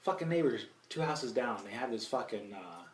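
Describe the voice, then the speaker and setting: A man's voice: mid-range voice, expressive, normal speed. A man in his thirties, a podcast host, telling a profane story in casual chat. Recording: echoey room, mic at a distance.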